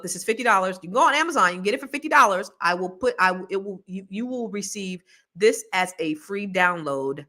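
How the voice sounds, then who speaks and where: A woman's voice: mid-range voice, pushed and bright. A middle-aged woman hosting a podcast in a casual, rambling way, laughing often. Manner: chatty, rambling, laughs a lot, slangy. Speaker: podcast host. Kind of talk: casual chat with viewers.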